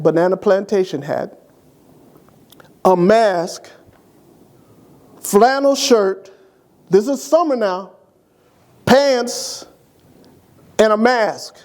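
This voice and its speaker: A man's voice: high-pitched, extremely slow, pauses often. An older man, a church deacon, telling humorous, affectionate stories about his late wife to an interviewer. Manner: lively, animated anecdote telling to an interviewer. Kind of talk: humorous memorial storytelling.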